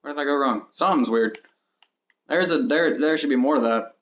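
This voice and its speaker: A man's voice: mid-range voice, brisk, low-quality recording. A man streaming a game build, chatting to viewers in a rambling, self-deprecating way while he counts blocks aloud. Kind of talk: casual livestream chat while building in a game. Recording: steady mouse and keyboard clicks behind.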